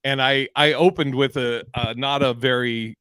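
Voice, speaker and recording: A man's voice: mid-range voice, fairly even intonation, moderate pace, pushed and bright, clear, resonant tone, dry recording, clean studio sound. A man hosting a comedy podcast, telling stories in rambling, profane casual chat with many restarts.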